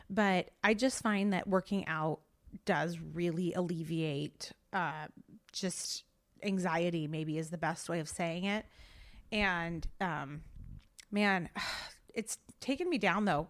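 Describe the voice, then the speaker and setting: A pregnant woman in her thirties hosting a casual solo podcast, chatting candidly with lots of filler words and sounding a little out of breath. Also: mid-range voice. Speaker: podcast host.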